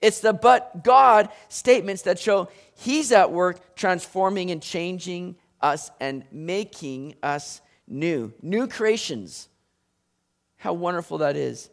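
A man preaching a sermon in an animated, conversational way, sometimes acting out voices. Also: high-pitched, slow, vocal fry. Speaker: pastor.

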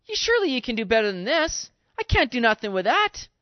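A man's voice: very high-pitched, sing-song, fast, no echo, highs cut off, voice pushed up. A man voicing a doubting male disciple who complains incredulously about having too little.

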